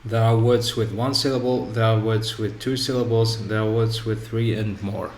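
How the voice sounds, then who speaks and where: A man teaching an English pronunciation lesson, speaking deliberately and repeating each example word several times for emphasis. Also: on the low side, steady tone, darkish tone, slight background noise. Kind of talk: grammar lesson. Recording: echoey room.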